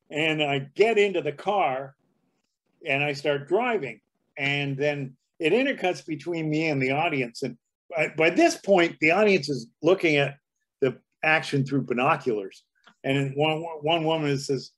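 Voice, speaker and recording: A man's voice: on the high side, expressive, moderate pace. An older man telling comedy anecdotes as a guest, jumping into character voices as he goes. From Canada. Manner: storyteller who jumps into character voices. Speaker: comedy writer and performer, guest.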